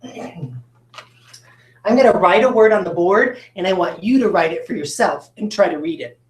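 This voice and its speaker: A woman teaching a recorded phonics lesson at a whiteboard, talking to students with encouraging, drawn-out questions. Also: lowish voice, echoey room. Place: classroom with a whiteboard.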